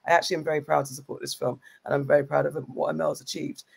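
A woman's voice: low-pitched, little pitch movement, very fast, creaky, husky. A young woman co-hosting a podcast, chatty and rambling with many ums, just over an illness. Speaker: podcast co-host. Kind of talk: casual chat.

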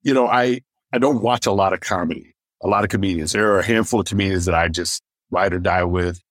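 A stand-up comedian from Michigan telling personal stories in an interview and acting out what other people said. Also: male voice, low voice, quick pace, dry recording. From Michigan, USA. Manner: animated anecdotes, acting out others' lines; deaf in one ear. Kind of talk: storytelling in a podcast interview.

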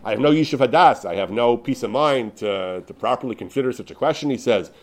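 A man teaching a Torah class, retelling a wartime rabbinic ruling with lively storytelling, many restarts and Yiddish and Hebrew terms. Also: medium pitch, a little fast. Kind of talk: Torah lecture retelling a responsum.

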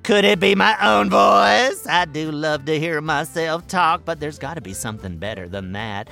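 A man voicing a boastful, excitable furry male cartoon hero who hosts a scripted children's radio show and talks in a bouncy, self-important way. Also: fairly high pitch, normal speed, gravelly, soft background music, heavily acted.

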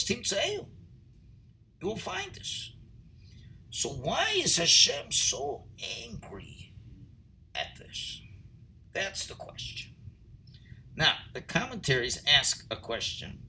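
Guy teaching a torah class, high voice, really bright, reads hebrew then explains it, gets loud sometimes. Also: low-quality recording. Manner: reads Hebrew phrases then translates, rising to near-shouting emphasis. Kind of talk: text study class, reading and translating.

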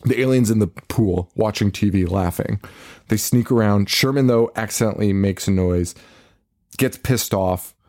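A man's voice: fairly low pitch, normal speed. A man co-hosting a podcast, casually recapping a movie with lots of swearing and laughter. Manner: profane, laughing, animated retelling. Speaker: podcast co-host.

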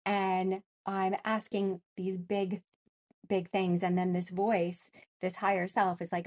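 A middle-aged Canadian woman, appearing as an interview guest, tells an emotional personal story in an animated way, doing voices and using lots of fillers. Her pitch is medium and her pace a little slow.

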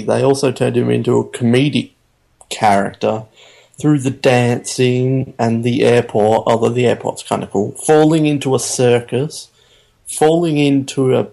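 A man co-hosting a podcast, picking apart a film in casual chat with animated, incredulous questions. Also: mid-range voice, vocal fry. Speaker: podcast co-host.

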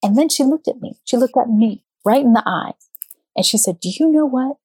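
An animated woman in her thirties or forties tells a personal story, springing up into high pitch whenever she acts out what someone said. The sound is dry and close, with no room around her voice. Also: normal speed, creaky, breathy edge, dry recording. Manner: animated, acts out quotes with big pitch jumps. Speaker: speaker.

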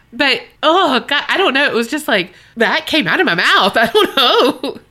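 A woman co-hosting a podcast, reading a listener's story aloud and then chatting casually, animated and laughing often. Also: sits high, moderate pace, few pauses. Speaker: podcast co-host.

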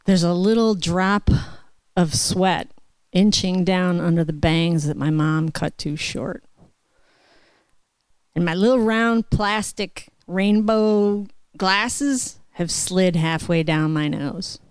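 A woman telling a personal story on stage at a live show, slow and deliberate. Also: on the low side, clean tone, no echo.

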